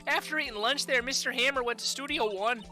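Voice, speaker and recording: A woman's voice: sits high, fast, sharp tone, faint music behind. A woman voicing a polite young female studio assistant with an attempted Canadian accent, apologetic and fussy.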